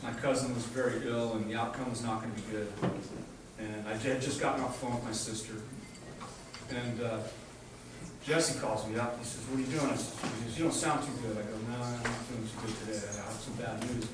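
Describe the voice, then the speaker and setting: A man's voice: mid-range voice, steady tone, a little fast, very noisy. Man giving a eulogy, storytelling, distant mic, big reverb. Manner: storytelling, laughs often, chokes up near the end. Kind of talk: memorial speech with stories. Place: memorial hall. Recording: distant mic in echoey hall.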